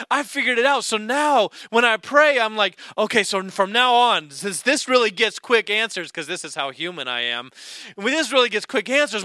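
Middle-aged preacher guy, really high bright voice, super clear, dry close mic, acts out everybody in his story. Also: no room sound. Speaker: pastor. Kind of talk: sermon storytelling.

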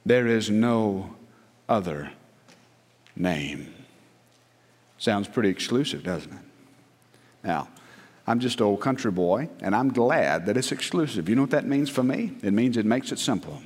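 A man preaching a sermon as pastor, emphatic, surging to loud peaks and dropping to hushed lines. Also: medium pitch, lively intonation, measured pace, pauses often. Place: church sanctuary. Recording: long church hall reverb.

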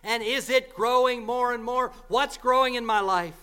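Male preacher, sermon, very high voice, bright, smooth, emphatic repetition. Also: moderate pace. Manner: earnest, emphatic, repeats key lines.

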